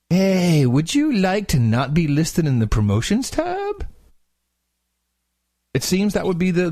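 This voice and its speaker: A man co-hosting a podcast in casual chat, animated and laughing often as he reads aloud. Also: on the high side, dry recording, clean studio sound. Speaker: podcast co-host.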